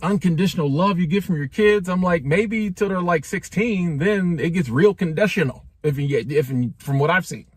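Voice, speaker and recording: Man giving sassy opinions, slightly high voice. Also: moderate pace, few pauses, breathy edge, no echo. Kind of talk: casual opinion monologue.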